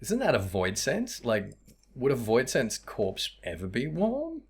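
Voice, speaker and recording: A man's voice: mid-range voice, wildly swooping pitch, measured pace, breathy edge. A young man chatting casually as he streams a game, tired, swearing freely and laughing at what he sees. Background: game music.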